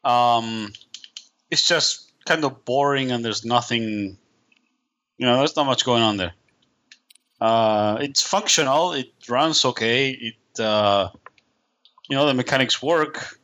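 A man's voice: mid-range voice, slow pace, pauses often, fairly bright tone. A man co-hosting a casual chat, easygoing, often restarting his sentences with stammers. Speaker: podcast co-host.

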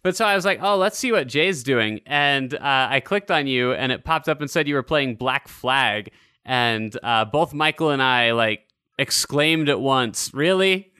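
Bright crisp-voiced man telling a rambling story. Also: medium pitch, a little slow, dry recording, clean studio sound. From Utah. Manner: rambling self-deprecating storyteller, swears casually. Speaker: podcast host. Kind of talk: casual podcast chat.

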